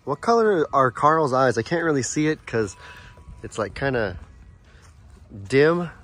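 A man filming a casual farm vlog outdoors on his phone, chatting in a rambling way and softly coaxing his animals. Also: medium pitch, animated, a little slow, soft background music. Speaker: farm vlogger. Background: light wind outdoors.

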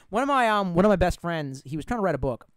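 A man's voice: high voice, big pitch swings, fairly quick, dry recording. A man chatting frankly on a live stream, rambling, swearing freely and reading out viewer comments.

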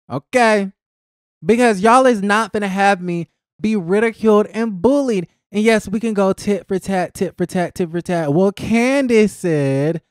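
A man hosting a casual commentary vlog, animated and outspoken, swearing freely, with speech. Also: high voice, clean tone, dry recording, clean studio sound. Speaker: host.

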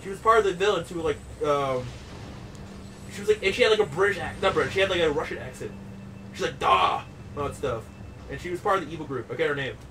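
An excitable young man rambles through a casual chat while gaming, swearing as he goes. His voice sits a bit high and picks up from a distance. Background noise is clear underneath. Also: fast talker. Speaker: gaming channel host. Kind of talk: casual chat over gameplay.

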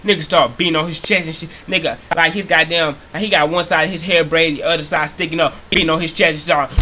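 A young comedy vlogger launches into a comic rant about his grandmother's house, swearing nonstop and repeating lines for effect. His fairly high, bright voice has a forceful edge, and his animated, profanity-heavy delivery comes fast with few pauses. There's slight background noise.

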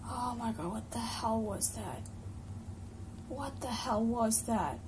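A woman's voice: a little high, animated, slow pace, distant mic, background noise. A young woman commenting on a horror game she plays, jumpy and frightened, with sudden exclamations and swearing. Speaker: gameplay streamer.

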